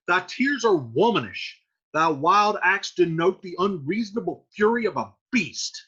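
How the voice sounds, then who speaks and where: A man's voice: a little high, sharp tone, breathy edge, lo-fi sound, exaggerated voice. A man voicing a stern, reproachful older friar who scolds a young man in a dramatic play reading.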